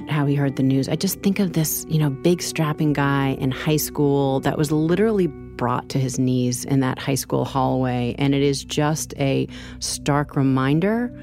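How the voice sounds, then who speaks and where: A woman with a notably low voice hosts a true crime podcast. She narrates in a measured, earnest way. There is soft music underneath. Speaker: podcast co-host.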